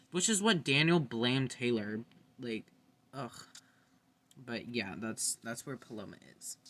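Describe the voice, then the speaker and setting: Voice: medium pitch, bright, forceful tone, dry recording. A young adult vlogger giving a casual, blunt and opinionated ranking monologue, swearing freely. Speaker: reality TV fan vlogger.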